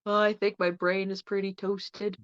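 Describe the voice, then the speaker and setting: A woman's voice: mid-range voice, level tone, moderate pace, clean tone, no room sound. A woman guest in a casual chat who tells jokes with frequent giggles and a crude, playful delivery over a dull, lo-fi recording. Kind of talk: casual joke-telling chat. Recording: dull lo-fi sound.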